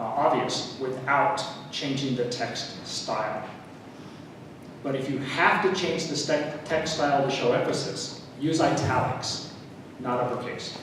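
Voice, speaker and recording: Man lecturing in an echoey hall. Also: mid-range voice. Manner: relaxed teaching with fillers, wry asides. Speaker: writing workshop speaker. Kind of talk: lecture at a writers' meeting. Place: meeting hall. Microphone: room recording from a distance. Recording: echoey hall recorded from far off with noise.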